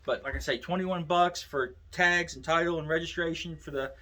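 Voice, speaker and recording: A man's voice: fairly high pitch, moderate pace, pushed and bright, poor audio. A man, telling a wry, folksy story in a casual, chatty way. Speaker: vlogger.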